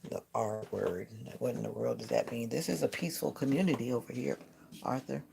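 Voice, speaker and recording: Speaking briskly in a mid-range voice with vocal fry, a man streams live from home one morning near a window lined with bird feeders. He chats and rambles, frequently fixing his words mid-sentence, against background noise.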